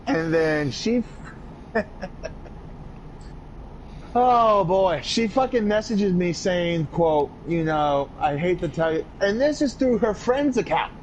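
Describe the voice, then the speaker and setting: Male podcast host, ranting and cursing through a story, mid-pitched, dull lo-fi audio with faint hiss. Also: lively intonation, slow, long pauses. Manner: profane, ranting delivery. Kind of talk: casual storytelling chat.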